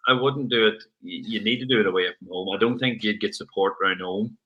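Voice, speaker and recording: Rapid, low, crisp Northern Irish man. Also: lo-fi sound. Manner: rambling, quick, restarts sentences. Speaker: podcast guest. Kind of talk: casual chat.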